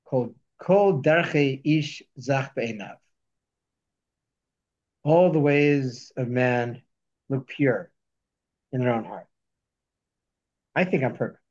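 A man teaching a text study lesson, reading Hebrew verses slowly and then explaining them. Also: mid-range voice, darkish tone, muffled recording. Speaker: Torah teacher.

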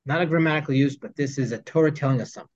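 A man's voice: a little high, very fast, darkish tone. Man teaching a text study class. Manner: explains Hebrew texts with English glosses and asides. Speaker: Torah teacher. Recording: dull lo-fi sound.

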